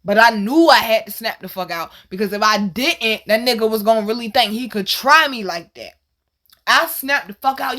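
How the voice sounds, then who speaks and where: Woman, fairly high-pitched, brash storyteller voice. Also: moderate pace. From Virginia, USA. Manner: animated, profane, laughing, acts out the people in her story. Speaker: channel host telling a personal story. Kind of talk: casual storytelling.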